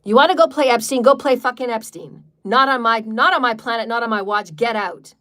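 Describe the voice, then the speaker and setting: A woman with a somewhat high voice leads a livestreamed healing meditation. She speaks in defiant, declarative bursts and repeats chant-like lines, swearing freely along the way. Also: fairly quick, pushed and bright. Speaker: spiritual meditation leader.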